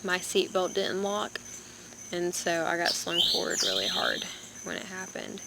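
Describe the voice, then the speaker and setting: A young woman vlogger, in pain and low on energy, telling a story in a rambling, halting way into a phone. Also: big pitch swings, creaky. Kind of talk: casual vlog storytelling. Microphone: phone camera. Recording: background noise with birds and insects.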